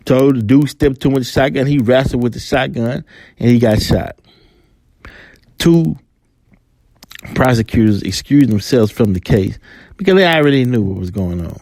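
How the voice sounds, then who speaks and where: A man's voice: mid-range voice, lively intonation, normal speed, pauses often, darkish tone, dry recording. A man hosting a podcast, talking, delivering a heated, profane commentary and acting out quoted exchanges. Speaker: podcast host. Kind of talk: angry commentary monologue.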